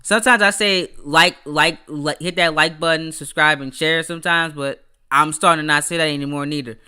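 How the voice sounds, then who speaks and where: Bright-voiced animated man ranting casually. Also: on the high side, brisk, smooth. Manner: animated, stammers and repeats words; rants, laughs often. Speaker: podcast host. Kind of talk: casual livestream chat.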